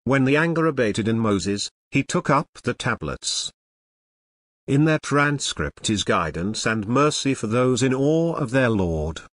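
A man reading a scripture translation aloud in a solemn, measured way, pausing after each short clause. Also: mid-range voice, sing-song, fairly bright tone, no echo, clean studio sound. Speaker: scripture reader.

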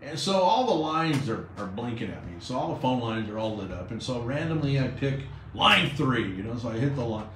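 A man's voice: medium pitch, brisk, hardly any pauses, roomy sound, slight background noise, rough recording. A man hosting a radio chat show, telling a long story and acting out the voices of the people in it. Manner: animated storyteller, acts out quoted voices. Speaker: radio host.

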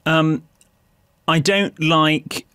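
A man's voice: fairly high pitch, fairly even intonation, very slow, bright, forceful tone, clean tone, dry recording. A man co-hosting a podcast in casual comic chat, dry, opinionated and wry. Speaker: podcast co-host.

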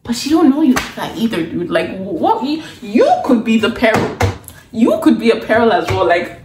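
A woman's voice: on the high side, big pitch swings, moderate pace, noisy background. A young woman recapping a webtoon in a casual, chatty way, sarcastic and exasperated, saying "like" a lot. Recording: roomy sound from a distance.

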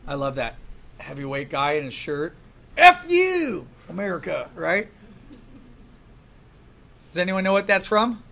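High-voiced guy lecturing his class, really animated, keeps quizzing them, bit of room noise. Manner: animated, asks the class many questions. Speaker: art instructor.

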